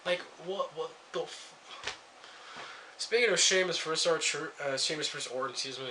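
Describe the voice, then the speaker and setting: A man's voice: a little high, normal speed, background noise. A young man reviewing a wrestling show in a casual rant, sarcastic and swearing freely as he jumps between topics.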